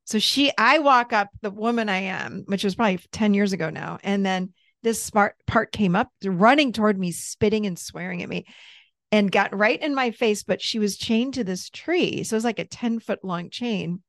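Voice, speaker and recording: Middle-aged woman, therapist guest, animated candid storytelling, some fry in the voice, dry close mic. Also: medium pitch, moderate pace, no room sound. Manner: candid, animated, laughs easily, swears freely. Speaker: therapist and coach, podcast guest. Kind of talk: casual storytelling in an interview.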